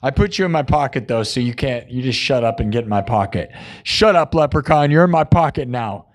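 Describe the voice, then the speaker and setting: A man's voice: mid-range voice, expressive, fairly quick. An exhausted man hosting a live stream, chatting casually and rambling while he improvises a story. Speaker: live-stream host and musician.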